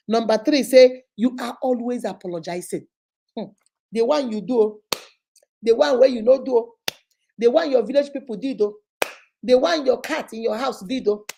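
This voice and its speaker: A woman's voice: on the high side, mellow. A woman hosting a live motivational talk, speaking emphatically and repeating her points. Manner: emphatic, preachy, repetitive. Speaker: host.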